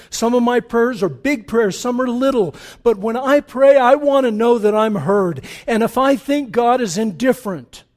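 A man preaching a sermon as pastor, impassioned, rising to urgent peaks and dropping to hushed passages. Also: extremely high pitch.

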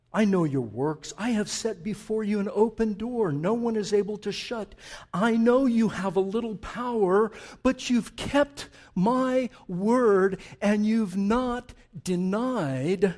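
A man preaching a sermon as pastor, reading scripture dramatically, swinging from loud declaiming to hushed tones. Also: high voice.

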